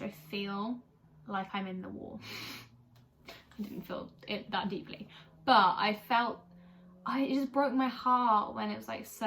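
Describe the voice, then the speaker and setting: A young woman vlogs casually about an album, gushing and chatty, with lots of "like" in her speech. Her voice is medium-pitched and a bit bright, and the recording is rough.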